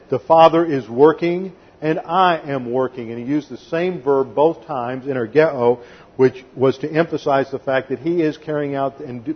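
In a dull, lo-fi sermon recording, a man with a husky mid-range voice preaches an expository sermon. He is methodical and emphatic, counting off numbered points for his congregation.

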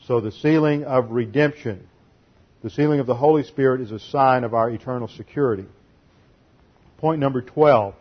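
A man preaching a methodical expository sermon, working through Greek grammar point by point. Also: mid-range voice. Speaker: pastor. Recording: dull lo-fi sermon recording.

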